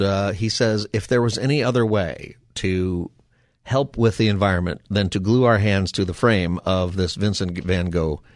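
A male radio talk show host with a low voice, recorded dry and close in a studio. He rambles easily from topic to topic, dropping wry, folksy asides as he goes. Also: no echo. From Southern California.

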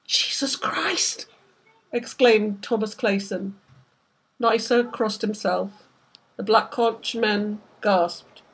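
Husky woman reading her own novel. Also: medium pitch, steady tone, slow, low-quality recording. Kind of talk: book reading.

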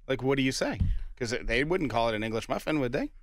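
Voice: mid-range voice, lively intonation, fast, dry recording. A morning radio show host taking calls and joking playfully with co-hosts in a studio. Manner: playful, jokes in mock British voice. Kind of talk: morning radio call-in banter. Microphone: studio mic.

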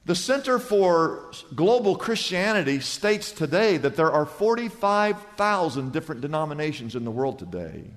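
A man preaching a sermon to a congregation as pastor, telling a joke with lively acted-out voices. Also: on the high side, normal speed. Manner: animated storytelling, acts out characters in a joke. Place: church hall before a congregation. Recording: long reverb of a church hall.

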